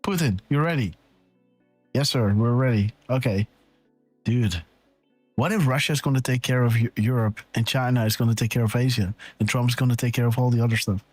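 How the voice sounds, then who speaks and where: A man hosting a live decode show, rambling excitedly and thinking aloud, checking in with "right?" and "okay.". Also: mid-range voice, brisk, no echo, soft background music. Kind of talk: casual live-stream commentary.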